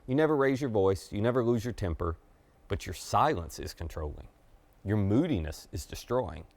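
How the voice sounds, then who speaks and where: A man's voice: lowish voice, lively intonation, moderate pace, darkish tone. A middle-aged man preaching a conversational sermon to camera as pastor, confiding and emphatic.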